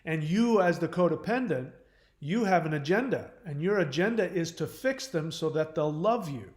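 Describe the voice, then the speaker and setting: A man's voice: a little high, lively intonation, moderate pace. Man talking casually in an echoey room. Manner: rambling, with frequent restarts and fillers. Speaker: host. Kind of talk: casual livestream talk.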